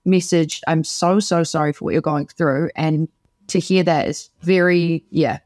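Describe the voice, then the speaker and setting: A woman's voice: sits low, steady tone, a little slow, darkish tone, dry recording, studio quality. New woman, earnest podcast co-host. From New Zealand. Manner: earnest, explains step by step with restarts. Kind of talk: casual chat.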